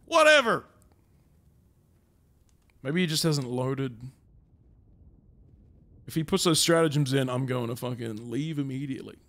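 A man's voice: medium pitch, expressive, measured pace, pauses often, a bit bright. A man streaming a game live, muttering casual commentary and swearing at teammates. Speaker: gaming streamer.

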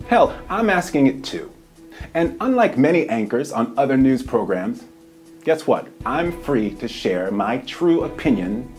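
A man's voice: medium pitch, darkish tone. A man hosting satirical news commentary, ranting in a blunt, sarcastic way. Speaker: news anchor.

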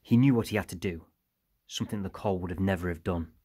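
A man narrating an audiobook in a steady storytelling manner. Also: deep voice, fast, husky, no room sound, studio quality. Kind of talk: scripted narration.

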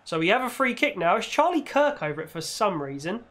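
A man commentating on his own football video game, reacting loudly and shouting at goals and the referee. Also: sits high, sing-song, a little fast. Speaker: gaming YouTuber. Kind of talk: excitable gameplay commentary.

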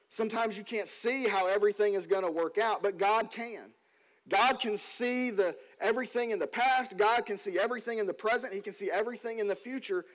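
A male pastor delivering a sermon, telling stories earnestly and slowing down to read scripture. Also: sits high, poor audio. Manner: earnest storytelling, slows down on scripture.

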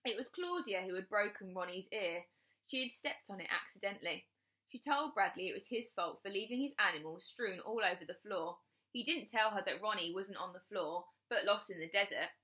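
Teacher reading a kids' chapter book, animated, bright. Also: female voice, mid-range voice, a little fast. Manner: expressive, lively storytelling.

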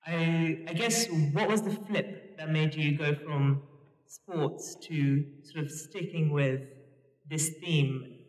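A man's voice: a little high, takes it slowly. A man from the UK, asking a question from the audience, hesitant with many fillers. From United Kingdom. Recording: echoey hall with long reverb.

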